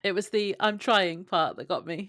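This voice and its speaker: A woman co-hosting a podcast, relaxed and chatting casually, mostly adding short agreeing comments about a TV episode. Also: mid-range voice, moderate pace. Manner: relaxed, brief agreeing replies. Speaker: podcast co-host. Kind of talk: casual chat, reacting to a TV recap.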